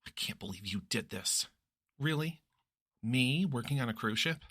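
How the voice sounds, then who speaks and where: A man's voice: mid-range voice, lively intonation, normal speed, sharp tone, husky, no echo, clean studio sound. A man voicing a flustered young man who reacts with exasperation and disbelief. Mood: incredulous. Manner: exasperated, incredulous.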